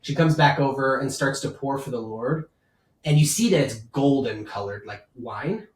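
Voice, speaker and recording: A man's voice: medium pitch, lively intonation, moderate pace. A man running a tabletop game as game master, narrating casually. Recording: echoey room, mic far off, faint hiss.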